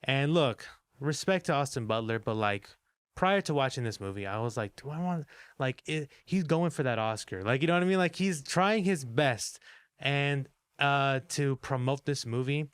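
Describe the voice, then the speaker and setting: A man co-hosting a film review podcast, talking in a loose, rambling way, full of fillers and the odd curse. His voice is smooth and clean, recorded dry and close with no room sound. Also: mid-range voice, moderate pace, no room sound. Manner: rambling, animated, frequent fillers and swearing. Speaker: podcast co-host reviewing films. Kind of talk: casual movie review chat.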